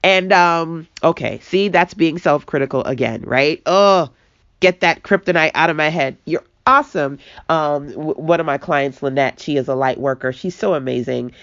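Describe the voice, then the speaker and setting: A woman coaching entrepreneurs in a casual online talk, animated and self-mocking, speaking straight to her viewers. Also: deep voice, moderate pace, no room sound, highs cut off. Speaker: business coach. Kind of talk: casual webinar teaching.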